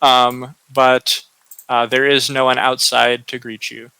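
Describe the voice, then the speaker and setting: Slow, bright-voiced male game master. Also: medium pitch, little pitch movement, gravelly, clean tone, no echo, rough recording. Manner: slow, hesitant, many fillers. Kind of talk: narrating a tabletop game.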